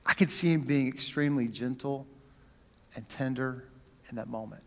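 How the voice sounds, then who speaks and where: A man preaching a sermon, dramatic, swinging from loud bursts down to a near whisper. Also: medium pitch, fairly even intonation, normal speed, big-room sound. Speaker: pastor.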